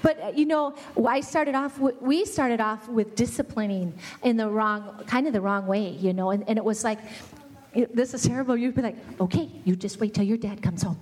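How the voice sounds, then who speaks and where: A woman's voice: fairly high pitch, moderate pace, a little mellow. A middle-aged woman giving a family ministry talk, earnestly acting out what parents and kids say.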